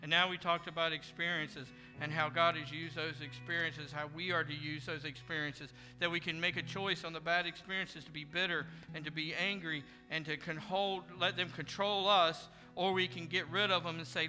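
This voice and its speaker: High-voiced pastor preaching in a hall. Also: male voice, little pitch movement, normal speed, hardly any pauses, pushed and bright. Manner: earnest, preacherly, voicing imagined prayers and speeches. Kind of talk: sermon. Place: church sanctuary. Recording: church hall reverb with music behind.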